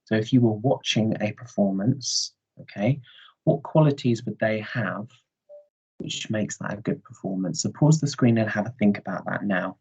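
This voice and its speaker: A man's voice: fairly low pitch, normal speed, darkish tone, husky, low-quality recording. A man with an English accent teaching a recorded lesson to young children, explaining things patiently step by step and often checking in with "okay?". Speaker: primary school teacher.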